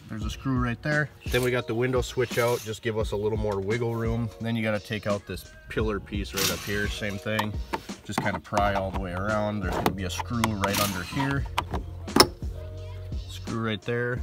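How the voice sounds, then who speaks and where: A man hosting a casual do-it-yourself car vlog, talking through a repair outdoors with a relaxed, teasing manner. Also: fairly low pitch. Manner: laid-back, teasing, swears casually. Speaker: channel host. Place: outdoors working on vehicles. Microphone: camera mic, handheld filming.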